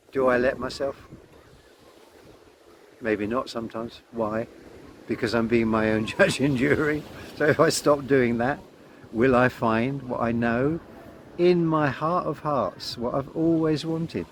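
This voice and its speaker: A man with a mid-pitched voice gives a calm spiritual talk and repeats simple mantras in a gentle tone. He is recorded outdoors, and clear wind noise sits behind his voice. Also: moderate pace. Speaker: spiritual teacher.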